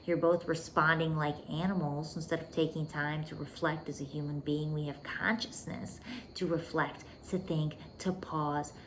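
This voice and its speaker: A woman with a deep voice hosts a relationship podcast, with slight background noise. In her coaching monologue she speaks intimately and emphatically, calling the listener "baby" and dropping to a whisper for emphasis.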